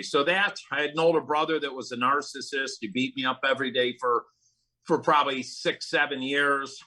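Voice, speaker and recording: A man's voice: mid-range voice, steady tone, a little fast, pushed and bright, low-quality recording. A middle-aged man, a guest in an interview, speaking earnestly about recovery and telling personal stories with bursts of emphasis. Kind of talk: conversational interview.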